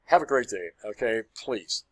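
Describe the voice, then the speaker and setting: A man's voice: mid-range voice, normal speed, a bit bright, dry recording. A man vlogger delivering an impassioned monologue to camera, earnest and pleading, often repeating himself and apologizing.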